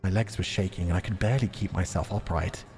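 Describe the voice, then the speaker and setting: A man reading as a guilt-ridden, weak young man, narrating his own wrongs in a hushed, anguished tone. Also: low-pitched, fairly even intonation, quick pace, in a large hall, soft background music, pitched below the performer's own voice. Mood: somber. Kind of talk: visual novel read-aloud.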